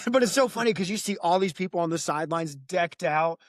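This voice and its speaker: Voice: medium pitch, a little fast, no echo, clean studio sound. Chatty joking podcast co-host. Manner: chatty, joking, plays voices in anecdotes. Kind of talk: casual chat.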